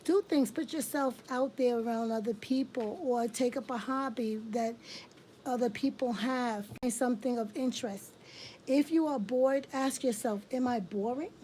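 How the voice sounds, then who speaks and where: A woman reads tarot cards on a livestream, welcoming viewers with warm repeated phrases. Her voice sits a little high but sounds mellow and dark in tone, with a faint hiss under it. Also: moderate pace, low-quality recording. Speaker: tarot reader hosting a livestream. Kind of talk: casual livestream tarot reading.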